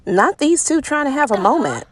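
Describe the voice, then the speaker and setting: A woman hosting a let's play, commenting on the game in an exasperated, animated way and talking to the characters on screen. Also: high-pitched, normal speed, crowd noise. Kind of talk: gameplay commentary.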